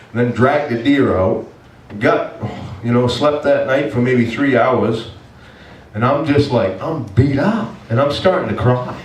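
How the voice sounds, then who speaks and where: A man preaching as pastor, telling a story in an animated, self-mocking way and acting out his own complaints. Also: medium pitch, a little hiss or hum. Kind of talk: storytelling sermon. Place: church hall. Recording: echoey room from far off.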